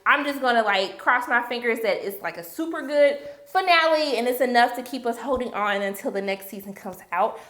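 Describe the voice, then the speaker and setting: A woman's voice: a little high, lively intonation, fairly quick, hardly any pauses. Chatty, opinionated woman in an echoey room. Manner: chatty and opinionated, swings to loud outrage; slangy, addresses viewers as y'all. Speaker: TV recap vlogger. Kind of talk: casual review vlog.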